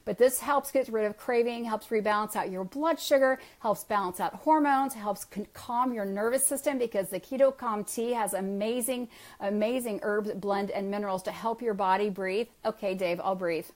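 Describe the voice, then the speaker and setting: A woman wellness coach speaks on a live stream, rushing through her points with eager enthusiasm. Her voice sits at an ordinary middle pitch. She talks quickly and answers viewer comments as she goes. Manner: fast-talking, enthusiastic.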